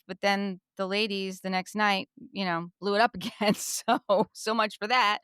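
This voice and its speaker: A New Jersey woman co-hosts a podcast, chatting casually and animatedly retelling reality-show scenes while repeating herself a lot. She speaks at normal speed with few pauses, her medium-pitched voice clean in an echo-free studio recording.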